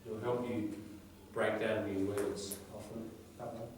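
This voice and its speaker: A man's voice: fairly low pitch, level tone, a little slow, a little hiss or hum. A man teaching an English vocabulary lesson, going through words one by one and asking tag questions as he explains them. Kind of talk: classroom vocabulary lecture. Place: classroom. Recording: very echoey classroom from far off.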